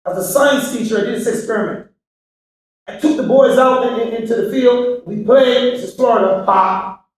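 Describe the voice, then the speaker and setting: A man giving a motivational speech to a live audience. He swings from shouted appeals to hushed, preachy lines and keeps firing rhetorical questions. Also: very high voice, moderate pace. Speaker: motivational speaker to students. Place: large echoey hall with an audience. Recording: very echoey hall from far off.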